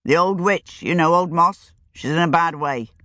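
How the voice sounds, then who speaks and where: A woman's voice: fairly low pitch, normal speed, sharp tone, dry recording. A woman reading as a smirking sheep dealer. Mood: offhand. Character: smirking middle-aged male sheep dealer.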